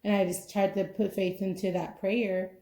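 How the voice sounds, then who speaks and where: Mellow-voiced young woman chatting casually. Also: medium pitch, flat delivery, moderate pace, a little hiss or hum. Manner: rambling, full of "like" and "you know". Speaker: podcast host. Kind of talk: casual chat.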